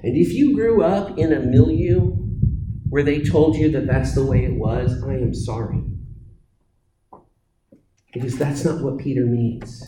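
A man preaching a sermon, telling stories and acting out voices with dramatic pauses. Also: medium pitch, reverberant, background noise.

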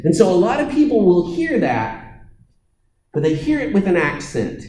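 A man preaching a sermon in a high, lively voice that swoops as he acts out little voices and stories. He speaks slowly with a mellow tone, and the room around him rings with echo. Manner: storytelling with acted-out voices, dramatic pauses.

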